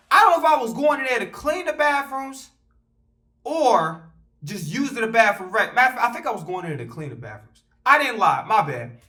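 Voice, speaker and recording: A man telling a casual storytime vlog, animated and profane, rambling with fillers and restarts. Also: sits high.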